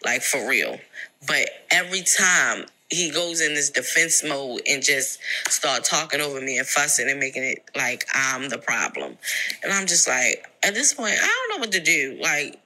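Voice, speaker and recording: A woman's voice: low-pitched, very animated, normal speed, bright, forceful tone, poor audio. A young woman telling a personal story in a frank, emphatic way, retelling an argument.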